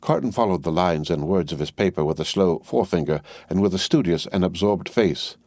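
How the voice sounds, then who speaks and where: A man narrating a classic novel in a measured, even reading. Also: low-pitched, no echo, clean studio sound. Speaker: audiobook narrator. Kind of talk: scripted narration.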